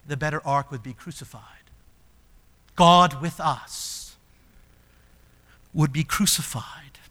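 A man preaching a sermon as pastor, moving from soft, low passages to loud, emphatic ones. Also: slow. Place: church sanctuary. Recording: long hall reverb.

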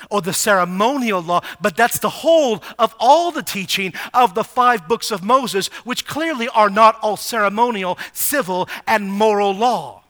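High, bright-voiced male preacher. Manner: rhetorical questions, swings from hushed to loud. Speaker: pastor. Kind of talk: sermon.

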